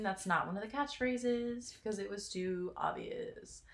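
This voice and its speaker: A woman's voice: medium pitch, unhurried, few pauses, reverberant. A woman hosting a casual word game chat, teasing and laughing often. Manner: giggly, teasing. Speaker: host.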